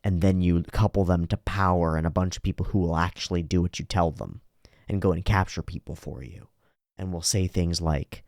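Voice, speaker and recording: Low-voiced guy reacting to anime, blunt and sweary, dry close sound. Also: steady tone, moderate pace, vocal fry, darkish tone, dry recording. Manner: blunt, emphatic and profane. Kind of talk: reaction commentary.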